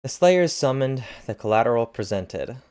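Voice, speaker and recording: A man's voice: mid-range voice, very animated, normal speed, darkish tone, smooth. A man reading dramatic recap captions aloud in a casual way, stumbling over words now and then. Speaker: reader narrating a webcomic.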